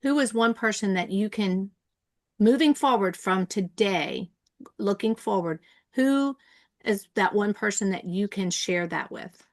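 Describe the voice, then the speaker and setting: A woman's voice: mid-range voice, unhurried. A woman coach running an online workshop, asking the group to share and telling her own story in an encouraging way. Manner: encouraging, asks the group questions. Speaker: coach leading a workshop session.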